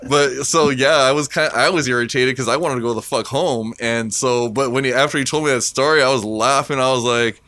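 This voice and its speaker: A man's voice: medium pitch, steady tone, fairly quick, hardly any pauses, bright, forceful tone, no room sound. A man co-hosting a casual podcast, telling a story with lots of swearing and laughter. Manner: profane, laughing anecdote-teller. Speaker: podcast co-host.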